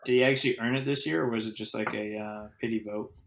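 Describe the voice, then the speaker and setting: A man's voice: lowish voice, steady tone, fast, creaky, noisy background. A young man co-hosting a casual podcast, teasing and blunt. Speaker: podcast co-host.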